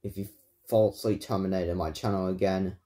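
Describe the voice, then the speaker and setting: A man ranting angrily in a vlog, swearing often and repeating himself in halting bursts. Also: sits low, steady tone, mellow. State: angry. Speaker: YouTuber. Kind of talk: angry vlog rant.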